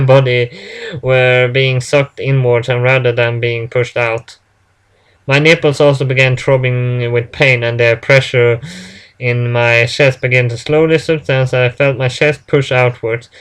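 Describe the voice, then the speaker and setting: A man reading a first-person story aloud in a halting way, stumbling and restarting words often. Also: medium pitch, a bit bright, clean tone. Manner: halting, with frequent restarts and fillers.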